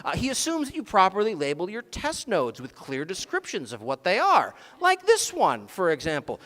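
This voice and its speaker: Male speaker on a conference stage, dry sarcastic wit, very animated delivery, reverberant hall sound. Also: sits high, normal speed, hardly any pauses. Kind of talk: comedic technical talk. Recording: long reverb of a large hall.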